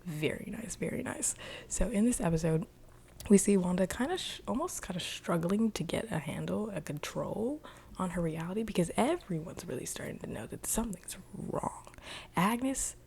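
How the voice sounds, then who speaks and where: A woman's voice: on the low side, expressive, moderate pace, gravelly, a little mellow, husky. A young woman casually recapping a TV episode in a chatty, rambling way, full of "like.". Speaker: video reviewer.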